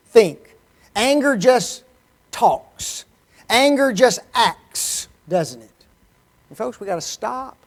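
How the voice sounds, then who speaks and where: A man preaching a sermon in church, animated, constantly asking the congregation rhetorical questions. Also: sits high.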